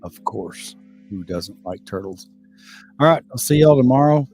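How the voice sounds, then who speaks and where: A middle-aged man, hoarse and losing his voice. He chats casually on a livestream and reads viewer comments, rambling, swearing freely, and stumbling over repeated words. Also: medium pitch, animated, unhurried, darkish tone, soft background music. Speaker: livestream host.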